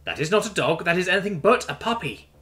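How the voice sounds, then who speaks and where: A man voicing an easygoing young human man who talks softly and gently, coaxing a wary animal. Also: high-pitched, very animated, fast talker, voice pushed up, exaggerated voice. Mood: hushed, uneasy. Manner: soft, coaxing, casual. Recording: faint music underneath.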